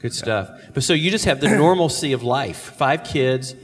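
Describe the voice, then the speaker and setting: A man moderating a church panel, calm and encouraging, prompting guests with questions. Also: medium pitch, normal speed, long reverb tail.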